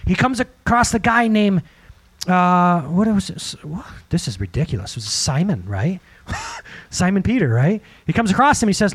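A man preaching with a high, husky voice that swoops up and down. He talks straight to the congregation, asks them questions again and again, and breaks into acted-out quotes. It is a lively sermon delivered in a church hall. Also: normal speed. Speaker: pastor.

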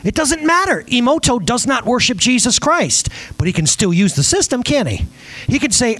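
A man in his thirties preaching a sermon to a congregation, emphatic and animated, firing questions at the crowd. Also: very high voice, normal speed. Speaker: pastor. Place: church service before a live audience.

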